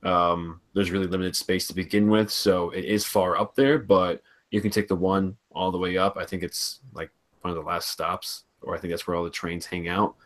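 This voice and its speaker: A man co-hosting a sports podcast, explaining things in relaxed casual chat. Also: low voice, normal speed, hardly any pauses. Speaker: podcast co-host.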